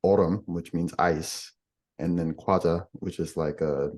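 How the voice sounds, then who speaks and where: A man's voice: deep voice, fairly even intonation, a little fast, a little mellow. A man explaining language differences in a podcast conversation, patient and giving examples as he goes.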